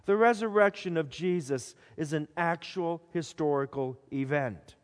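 Male preacher, higher voice, unhurried and dramatic, hushed to emphatic; long hall echo. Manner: dramatic storytelling, swinging between hushed and emphatic. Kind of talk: sermon retelling scripture.

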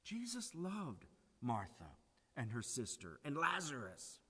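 Man, sermon, slow deliberate delivery, lively up-and-down pitch, dramatic hushed emphasis. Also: slightly rough, long reverb tail. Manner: dramatic, swings from loud pleading to hushed emphasis. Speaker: preacher.

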